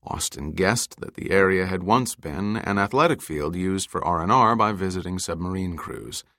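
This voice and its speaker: Man, audiobook narrator, deep low voice, forceful bright tone, dry close recording. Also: moderate pace, dry recording.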